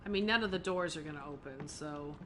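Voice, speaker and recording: A woman's voice: deep voice, brisk, background noise. A woman streamer giving casual let's-play commentary, chatty with mumbled asides.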